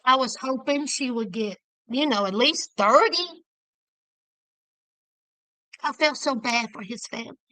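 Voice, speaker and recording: A woman hosting a casual commentary show, talking in an animated, emphatic way with sudden outraged outbursts. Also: high voice, measured pace, pauses often, no echo, low-quality recording.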